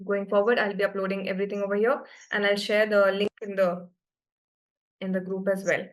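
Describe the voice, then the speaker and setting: A woman's voice: mid-range voice, level tone, brisk. A woman teaching French to beginners in an online class, explaining patiently and often checking that students follow.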